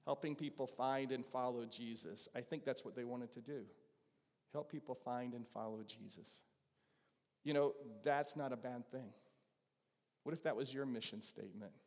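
A man's voice: medium pitch, normal speed, darkish tone. A man with a Southern accent preaching a conversational sermon as pastor, asking the congregation questions. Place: church sanctuary. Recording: long reverb of a large hall.

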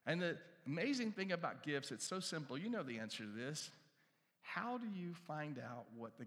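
Male pastor, lively sermon delivery, loud-to-hushed swings, reverberant hall sound. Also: fairly high pitch, fairly quick. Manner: repeats key phrases, asks the crowd questions. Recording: long reverb from a large hall.

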